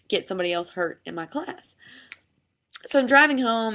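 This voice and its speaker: A young woman, a fitness instructor, telling a personal faith story to camera in a chatty, animated way, full of "like"s, and acting out what people said. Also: fairly low pitch, creaky. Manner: chatty, animated retelling with many "like"s, acting out quotes. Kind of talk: casual devotional storytelling to camera.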